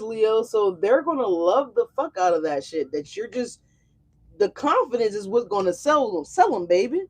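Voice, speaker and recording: A woman's voice: medium pitch, sing-song, moderate pace, darkish tone. A woman doing a casual tarot reading, chatty and brash, swearing freely and talking straight to her viewers. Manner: chatty, brash and profane, addresses viewers directly. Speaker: tarot reader.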